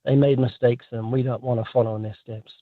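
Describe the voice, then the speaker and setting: A man with a New Zealand accent, a guest author telling lively, joking stories in a radio interview over the phone. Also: mid-range voice, fast, no room sound. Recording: tinny phone line.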